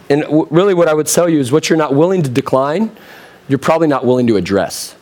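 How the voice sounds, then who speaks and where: Pastor guy in his 30s preaching, kinda hoarse, talks straight to the crowd w lots of questions, voice sits a bit high. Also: lively intonation, brisk, darkish tone. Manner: direct, conversational preaching with rhetorical questions. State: getting hoarse. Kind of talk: sermon.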